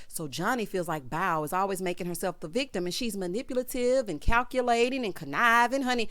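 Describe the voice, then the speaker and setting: A woman giving a sassy, gossipy recap of a reality show, calling people "honey" and "child" and breaking into loud laughter. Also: mid-range voice, brisk, few pauses, no room sound. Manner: animated, bursts into loud laughter.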